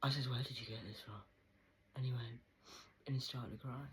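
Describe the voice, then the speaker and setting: A woman in a rambling monologue to camera, swearing often and swinging between loud outbursts and hushed whispers. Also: very deep voice, fairly even intonation, a little fast, slight background noise, poor audio.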